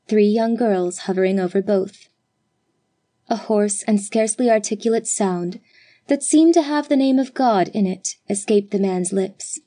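A woman narrating a classic story aloud in a measured, expressive reading style. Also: mid-range voice. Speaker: audiobook narrator.

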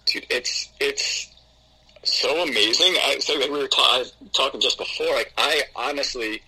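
A man's voice: mid-range voice, moderate pace, sharp tone, slightly rough, low-quality recording. A young man, a new father and guest on a podcast, talking casually and gushing, with lots of fillers.

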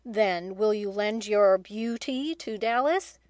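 Woman reading as a hearty, brisk father. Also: medium pitch, darkish tone, dry recording, clean studio sound, lightly acted. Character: hearty, brisk middle-aged father of the family. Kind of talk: audiobook reading.

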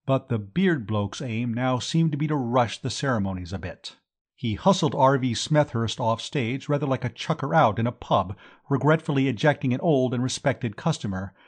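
A man narrating a comic novel in the first person, brisk and jaunty. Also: mid-range voice, husky. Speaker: audiobook narrator.

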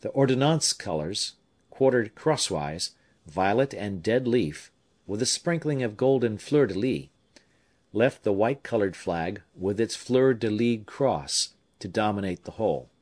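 A man with a lowish voice reads a novel aloud as an audiobook narrator. His scripted narration is measured and expressive.

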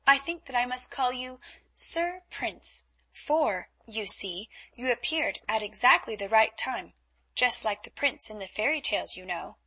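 A cheerful young heiress, given voice by a woman reading the story, light and lilting. The tone is bright and pointed, with a breathy edge. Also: on the high side, expressive, measured pace, exaggerated voice. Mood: gay. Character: cheerful young Dutch heiress, playful then frightened.

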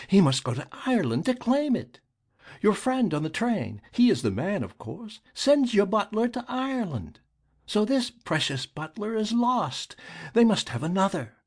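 A man voicing a grim, rasping middle-aged male deputy who questions relentlessly. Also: high voice, a little mellow, pitched above the performer's own voice, exaggerated voice.

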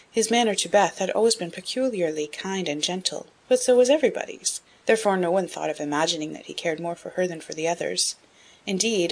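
A woman reads a classic novel aloud as an audiobook narrator. Her voice sits on the low side, and her storytelling runs steady and even. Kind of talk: scripted narration.

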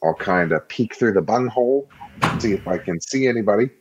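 Deep-voiced man playing a tabletop game. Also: animated, a little fast, muffled recording, slight background noise. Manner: plotting, conversational, swears casually. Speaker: player.

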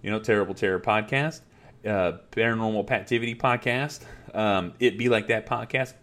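A man's voice: on the low side, normal speed, fairly bright tone. A middle-aged man hosting his podcast from home on a headset mic, ranting in a frustrated, profane, rambling way. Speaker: podcast host. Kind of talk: casual ranting monologue. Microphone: headset mic at a laptop.

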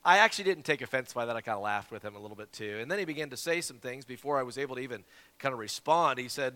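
A man from South Carolina, an evangelist preaching a sermon and telling a story with lively, repeated words. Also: medium pitch, very fast. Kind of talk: sermon with Bible reading. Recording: long hall reverb.

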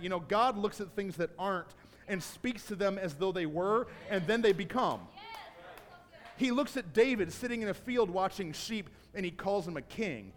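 A man preaching a sermon to a congregation in a church, telling Bible stories and building to a shouted call to action. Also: sits high. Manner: builds from storytelling to shouted exhortation. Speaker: pastor. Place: church sanctuary. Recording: long hall reverb.

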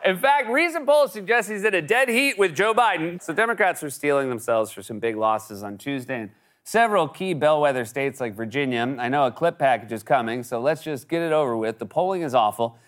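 A man's voice: a little high, animated, fairly quick, a bit bright. A man delivering a sarcastic comedic monologue as a late-night television host. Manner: sarcastic, mocking impressions. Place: television studio with audience.

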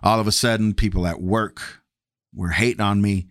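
A man with a fairly low, fairly bright voice speaks at a moderate pace with fairly even intonation, recorded clean in a studio with no room sound. As a guest sharing his personal testimony, he's casual and candid, acting out past conversations in shifting voices.

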